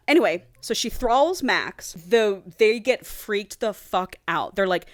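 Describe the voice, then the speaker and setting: A woman's voice: medium pitch, expressive, unhurried, no echo. A woman co-hosting a podcast, retelling a book's plot in casual chat and acting out the characters' lines with swearing. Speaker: podcast co-host.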